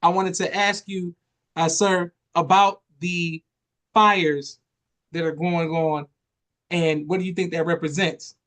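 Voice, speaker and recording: A man with a notably high voice hosting a podcast interview. He asks questions politely and responds with deferential agreement. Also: flat delivery, takes it slowly, a bit bright. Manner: deferential, many "yes, sir" replies. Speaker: podcast host.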